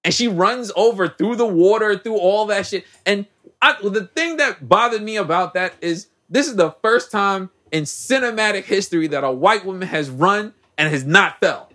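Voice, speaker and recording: A man hosting a podcast, recapping a movie in a casual, animated, slangy way. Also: high voice, moderate pace. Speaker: podcast host.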